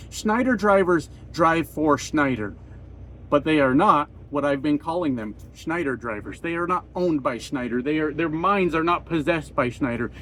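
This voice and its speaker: A man's voice: a little high, a bit bright, a little hiss or hum. A man ranting bluntly and sarcastically in a trucker vlog, swearing a lot, recorded in his parked truck cab at a truck stop. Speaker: trucker vlogger.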